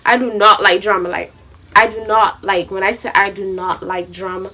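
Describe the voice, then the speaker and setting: A young woman vlogging a storytime, animated and acting out both sides of an argument. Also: medium pitch, normal speed, a little hiss or hum. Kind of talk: storytime vlog.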